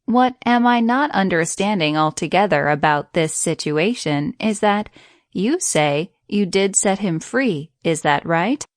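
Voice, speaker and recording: Lady doing a sly little storybook jackal playing dumb, slow and dry. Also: fairly low pitch, lively intonation, no echo. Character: sly young male jackal, feigning slowness.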